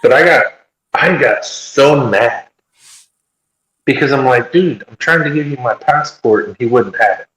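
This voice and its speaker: A man telling a story in casual chat, animated, and acting out what other people said. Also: medium pitch, unhurried. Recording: echoey room.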